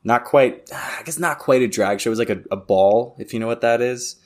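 A young man with a deep voice, co-hosting a podcast and telling stories in a rambling, casual way full of "like". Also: a little fast, darkish tone. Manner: rambling, heavy use of "like". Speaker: podcast co-host. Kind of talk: casual chat.

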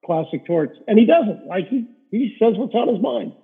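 A middle-aged man with a husky, slightly high voice tells rambling stories as a guest, leaning on fillers as he goes. He is a rink-side hockey reporter, and he comes through a tinny, phone-like line. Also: animated, moderate pace. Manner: rambling anecdotes with many fillers. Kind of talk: casual storytelling interview.

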